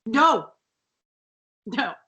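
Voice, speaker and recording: A woman's voice: extremely slow, dull audio. A woman co-hosting a casual podcast, recapping scenes with sarcasm and mimicking characters. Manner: animated, sarcastic, mimics characters in high shrill bursts. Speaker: podcast co-host.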